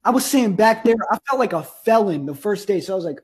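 A young man from Russia telling a profane, comic story about school in a deadpan way, acting out the people in it. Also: on the high side, quick pace, few pauses, breathy edge. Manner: profane, deadpan, animated quoting. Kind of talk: comedic storytelling.

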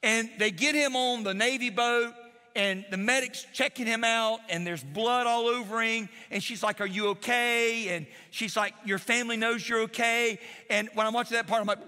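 A middle-aged man preaching a sermon as pastor, telling stories in an animated, emotional way with frequent repetitions. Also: very high voice, moderate pace, clear, resonant tone. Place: large church hall. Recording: reverberant church hall.

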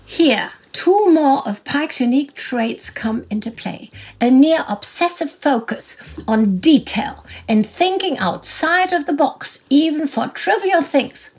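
A woman co-narrating a history documentary in a measured, emphatic way with hushed asides. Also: high-pitched, expressive.

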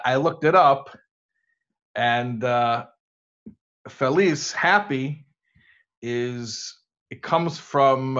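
In a slightly muffled recording, an American-accented rabbi gives students a conversational lecture, engaging them with rhetorical questions. He has a mid-range, fairly bright male voice.

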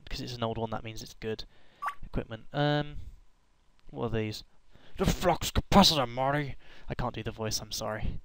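A man's voice: lowish voice, steady tone, moderate pace, a little hiss or hum, poor audio. A young man giving rambling, joking commentary while playing a game, with random outbursts and hummed tunes. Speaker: gaming YouTuber. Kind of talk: casual gameplay commentary.

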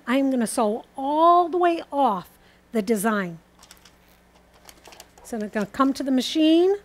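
A woman demonstrating quilting, calmly and methodically explaining each step as she sews. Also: sits high. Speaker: quilting teacher.

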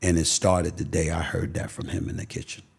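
Middle-aged New guest, emphatic storyteller, very low husky voice. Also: male voice, fairly even intonation, brisk. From Queens, New York. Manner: emphatic, repeats phrases for stress. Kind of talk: candid personal storytelling.

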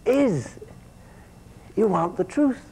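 A man's voice: high voice, expressive, drawn-out words, gravelly, darkish tone, breathy edge, rough recording. A man giving a university lecture, often repeating his words as he restarts sentences and putting questions to the students.

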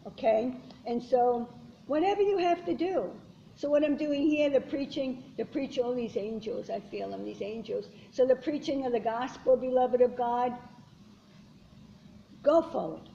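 Woman preacher, mellow and fairly high, fervent and repetitive sermon delivery; lo-fi recording with faint hiss. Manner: fervent, repetitive exhortation quoting scripture. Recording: dull lo-fi sound with faint hiss.

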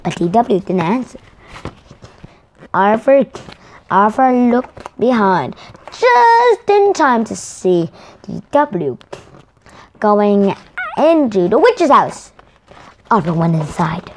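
Slow, lively woman reading a picture book. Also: mid-range voice, a little hiss or hum. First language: Korean. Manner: careful, with restarts and self-corrections. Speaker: storyteller.

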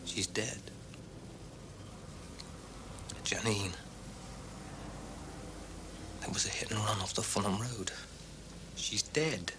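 A man's voice: mid-range voice, sing-song, fairly quick, background noise, lightly acted. An actor playing an evasive, defensive male fashion photographer in a 1980s crime drama. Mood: frantic hush. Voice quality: grudging, defensive.

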